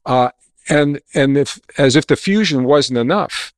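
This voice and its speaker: Male interview guest, mid-pitched, confident explainer, dry close-miked sound. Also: a little slow, no room sound. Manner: animated storyteller, emphatic and explanatory. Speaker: guest author and geologist. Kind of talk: storytelling interview answers.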